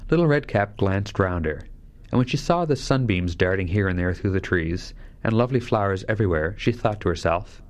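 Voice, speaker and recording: A man's voice: low voice, expressive, fairly quick. A man narrating a fairy tale, shifting his voice lightly for each character. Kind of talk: scripted fairy-tale reading.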